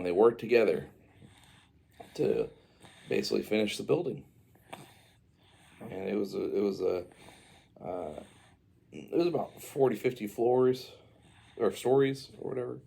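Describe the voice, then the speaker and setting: A man's voice: on the low side, a little slow, vocal fry, long pauses, warm tone. A man telling his baby a rambling, improvised story, full of fillers and asides.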